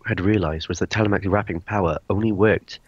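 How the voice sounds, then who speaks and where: A man's voice: low-pitched, fairly even intonation, fast talker, slightly rough. A man reading a character backstory aloud at a tabletop game, often close to laughing. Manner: reads aloud, breaking into laughter. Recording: dull lo-fi sound, dry.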